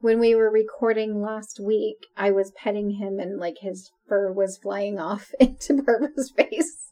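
A woman's voice: mid-range voice, steady tone, a little slow, dark tone. A woman co-hosting a podcast, chatting casually and laughing often. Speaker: podcast co-host. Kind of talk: casual chat.

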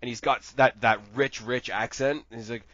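A man co-hosting a podcast in casual wrestling chat, animated and rambling, swearing freely. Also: mid-range voice, brisk, lo-fi sound. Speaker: podcast co-host.

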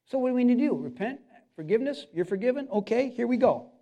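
Male pastor with a very high voice, preaching in an emphatic, repetitive style straight at the congregation. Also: lively intonation, fast talker, gravelly, dark tone, lo-fi sound. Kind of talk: sermon.

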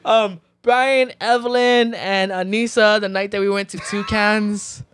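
A man in his thirties, a podcast guest telling lively stories with lots of swearing and laughter. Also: high voice, measured pace, slight background noise. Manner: animated storytelling, swearing, laughs often. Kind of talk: casual chat.

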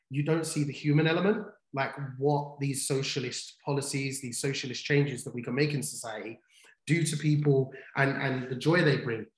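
A man co-hosting a livestream, telling stories in casual chat, full of restarts and fillers. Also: mid-range voice. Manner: chatty storyteller, many restarts and fillers. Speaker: livestream co-host. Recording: roomy echo.

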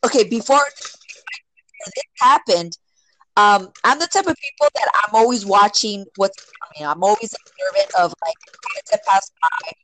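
A woman casually telling a personal story, filling it with "like" and "right?" and acting out quotes with sudden jumps in pitch. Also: animated, moderate pace, pushed and bright, slight background noise, low-quality recording. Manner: filler-heavy, many "like" and "right?".

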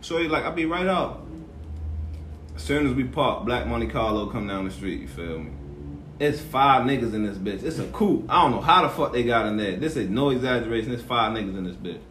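A man's voice: medium pitch, fairly quick. A man hosting a casual podcast, telling stories and acting out quotes. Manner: animated storyteller, acts out quotes. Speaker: podcast host. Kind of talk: casual chat. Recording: echoey room, faint noise.

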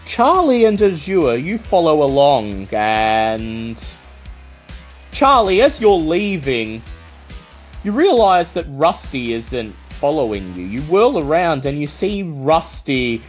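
A man running a tabletop game as game master, narrating scenes descriptively with frequent pauses. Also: fairly high pitch, big pitch swings, faint music behind.

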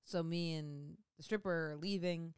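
A woman's voice: low voice, fairly even intonation, normal speed, a little mellow, clear, resonant tone, no room sound, studio quality. A woman comedian telling a rambling, profane story about her own life in a casual, self-mocking way.

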